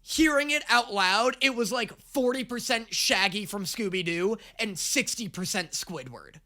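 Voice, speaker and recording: A man hosting a reaction video, speaking in an excitable, sarcastic and profane way. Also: sits high, measured pace. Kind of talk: casual reaction commentary.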